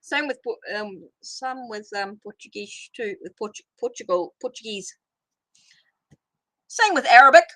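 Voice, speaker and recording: A woman's voice: a little high, animated, measured pace, a bit bright. A middle-aged woman hosting a casual live tarot stream, rambling as she greets viewers and answers their comments. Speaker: tarot reader hosting a livestream.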